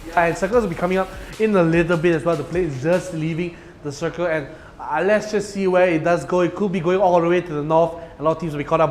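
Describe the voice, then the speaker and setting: A man, casting an esports match live, excitable and full of "lah" and "you know" fillers. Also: a little high, fast, few pauses. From Malaysia. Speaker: esports caster. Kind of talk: live game commentary.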